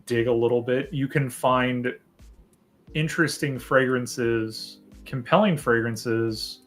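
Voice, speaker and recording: A man's voice: medium pitch, takes it slowly. Guest guy on a live chat, thoughtful and long-winded, middle voice, faint music under it. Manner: thoughtful, long winding points.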